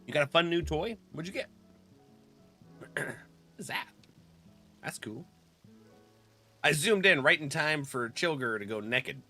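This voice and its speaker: A man's voice: on the high side, animated, normal speed, bright, forceful tone, soft background music. A man casually chatting with his live-stream viewers, laughing often and greeting them by name.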